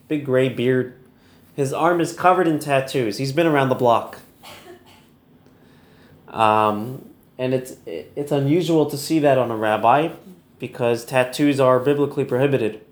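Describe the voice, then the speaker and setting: A man's voice: medium pitch, echoey room. A man teaching an online Torah lesson in a casual, chatty storytelling manner, laughing easily.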